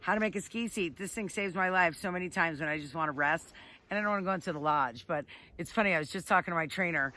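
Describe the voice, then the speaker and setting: A woman ski instructor telling a story outdoors on a ski slope, animated and laughing often. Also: fairly low pitch, fast talker. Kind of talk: casual storytelling.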